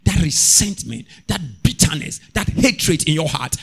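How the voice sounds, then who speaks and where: A man preaching a sermon as a pastor, calling out to the congregation and rising into shouts. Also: a little high, expressive, a little slow, vocal fry, husky.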